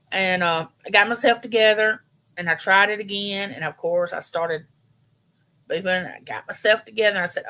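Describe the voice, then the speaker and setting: A woman's voice: lowish voice, moderate pace, gravelly, pushed and bright. A woman, chatting homily and directly with viewers on a casual live stream. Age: 50s. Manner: chatty, homey, talks straight to her viewers.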